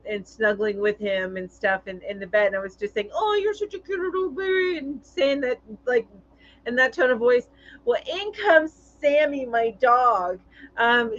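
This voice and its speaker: A woman's voice: on the high side, lo-fi sound. A woman hosting a casual live-stream chat, reading viewer comments aloud in a chatty way with lots of fillers.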